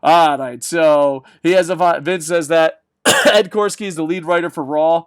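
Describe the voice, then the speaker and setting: A man's voice: fairly high pitch, clean tone, dry recording, studio quality. A man hosting a combat sports news show, delivering a jokey, profane rant of casual commentary. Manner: mocks others with quick put-on voices.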